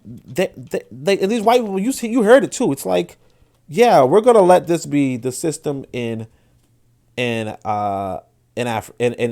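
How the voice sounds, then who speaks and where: A man hosting his own show, giving loose commentary as he reads from a shared screen. He swings between low muttering and loud, emphatic bursts, with frequent restarts and repeated words. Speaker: host. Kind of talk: livestream commentary while reading from a shared screen.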